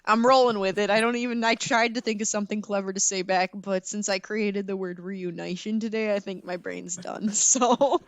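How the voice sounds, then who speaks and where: A young woman co-hosts a podcast in relaxed, casual conversation. She tells her stories with animated, dramatic flair and laughs often. Her voice is smooth and resonant, recorded dry and close. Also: medium pitch, moderate pace, hardly any pauses, no echo. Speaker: podcast co-host. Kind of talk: casual chat.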